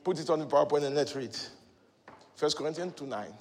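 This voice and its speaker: A male preacher giving a sermon, moving between loud shouted exhortation and quiet teaching. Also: a little high, brisk, slight background noise. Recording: long hall reverb.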